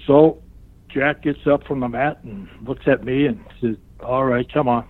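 An older man recounts a wrestling story at an easy middle pitch, popping up into higher voices whenever he quotes someone. The sound is thin and narrow, like a phone line. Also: a little slow, no echo. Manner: animated storyteller who acts out other people's lines in raised voices. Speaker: guest, retired pro wrestler. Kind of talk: anecdotal storytelling interview.

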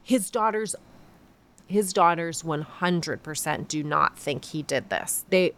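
A woman hosting a podcast, retelling a story casually with lots of fillers and animated asides. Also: deep voice, slow. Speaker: podcast host.

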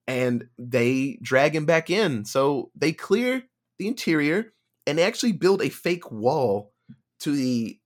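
A man casually retelling a movie plot on a podcast, acting out bits of dialogue and laughing as he goes. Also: mid-range voice. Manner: animated retelling with acted-out quotes and laughter. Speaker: podcast co-host. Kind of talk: casual movie review chat.

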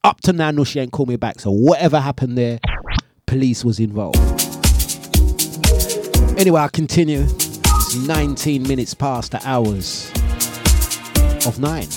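A man hosting a breakfast radio show, telling stories in animated, slangy chat and laughing often. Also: medium pitch, normal speed, pauses often, over music. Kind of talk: casual live radio chat.

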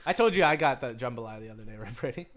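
A young man chatting loosely on a podcast with a voice of middling pitch. He rambles, curses freely and breaks into laughter when he gets worked up over a story. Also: expressive, very fast, crowd noise. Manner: rambling, swears a lot, laughs often, gets worked up telling stories. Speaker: podcast co-host. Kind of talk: casual chat.

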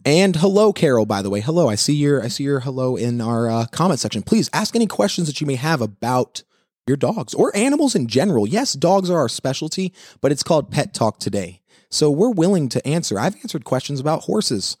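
A man hosting a live pet advice talk, walking viewers through dog training steps in an energetic, coaching way. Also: fairly high pitch, a little fast, no room sound, studio quality.

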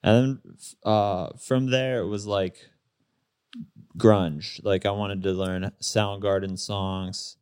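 A man in his thirties, a guest in a casual interview, telling stories in a relaxed way with lots of fillers and laughs. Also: on the low side, slow pace, clean tone, dry recording, clean studio sound. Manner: relaxed storyteller, laughs often, many fillers.

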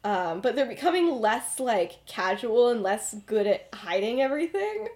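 A woman's voice: fairly high pitch, sing-song, moderate pace, a little mellow. Chatty young woman recapping a story. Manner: chatty, lots of fillers and laughs. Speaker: podcast host.

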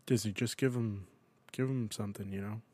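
A man's voice: lowish voice, steady tone, fairly quick, dark tone. A man hosting a casual podcast chat, loose and swearing freely. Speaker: podcast host.

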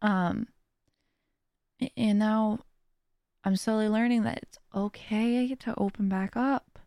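A woman's voice: medium pitch, fairly even intonation, slow, mellow, dry recording, clean studio sound. A woman hosting a podcast, talking earnestly in a casual, rambling monologue with many restarts. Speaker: podcast host.

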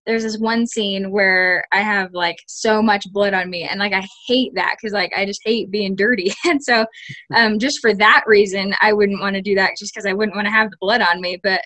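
A woman's voice: medium pitch, steady tone, moderate pace, bright, forceful tone, no echo. A young woman, an actress, chatting casually in an interview, full of "like" and restarts. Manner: chatty, many fillers and restarts. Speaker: actress guest.

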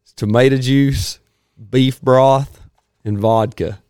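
A man, hosting a casual chat in a rambling, folksy way and clearing his throat often. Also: mid-range voice, fairly even intonation, slow pace, darkish tone, no room sound, clean studio sound.

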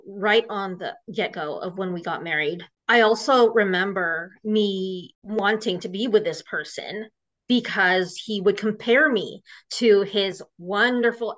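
A woman's voice: mid-range voice, fairly bright tone. A woman guest recounting a painful personal story in an emotional way, full of fillers and restarts. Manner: emotional, filler-heavy retelling with many restarts. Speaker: podcast guest. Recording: muffled lo-fi recording.

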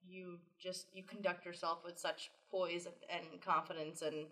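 A woman's voice: fairly low pitch, level tone, normal speed, pushed and bright, recorded from a distance, poor audio. A woman co-hosting a podcast who speaks encouragingly and asks probing questions. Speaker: podcast co-host. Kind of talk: casual podcast interview.

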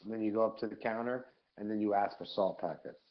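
A man co-hosting a live podcast, telling profane, animated stories in casual chat. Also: on the low side, fast, dull audio. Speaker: podcast co-host.

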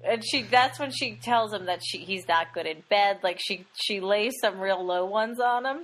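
A woman co-hosting a podcast, recapping a horror film in an animated, casual way. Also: mid-range voice, normal speed, a little hiss or hum. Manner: animated, acts out characters' lines. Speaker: podcast co-host. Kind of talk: casual movie recap chat.

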